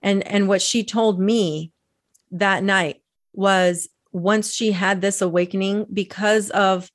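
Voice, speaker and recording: A woman's voice: mid-range voice, fairly even intonation, takes it slowly. A woman telling personal stories in a casual podcast chat, talking loosely with many fillers and laughing as she goes. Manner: chatty, storytelling with lots of fillers and laughs.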